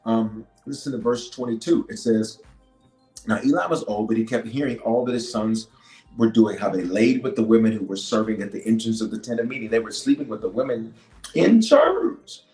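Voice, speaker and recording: Bishop, male, emphatic preacher with repeated lines and hushed asides, lower voice, roomy echo. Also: brisk, soft background music. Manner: emphatic preacher, repeats key lines, drops to near-whispers. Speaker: bishop and pastor. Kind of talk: preaching leadership podcast talk.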